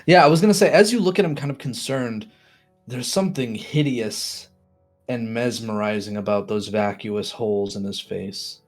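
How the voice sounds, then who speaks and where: A man's voice: mid-range voice, moderate pace, soft background music. Suspenseful tabletop game storyteller, man. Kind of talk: narrating a tabletop role-playing game.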